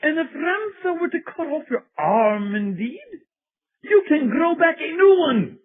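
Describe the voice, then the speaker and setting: A man mimicking a channeled ancient spirit, speaking high and theatrical in a fake British accent. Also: very animated, measured pace, heavily acted. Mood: mock-solemn. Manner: high, crying, theatrical proclamations. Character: pompous ancient male spirit channeled by a woman. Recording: tinny phone-like lo-fi recording.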